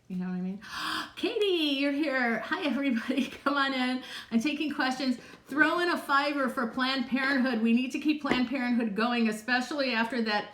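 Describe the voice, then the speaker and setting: A woman's voice: medium pitch, slight background noise. Chatty woman psychic in an echoey room. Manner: chatty, rambling, laughs often. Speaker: psychic answering viewer questions. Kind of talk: casual live-stream chat. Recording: roomy, echoey room sound.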